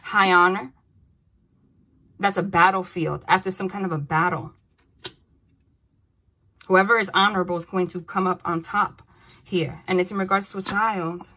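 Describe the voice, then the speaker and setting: A woman giving a casual tarot reading to camera, animated and excitable, often exclaiming and repeating herself. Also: fairly low pitch, moderate pace, long pauses. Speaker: tarot reader.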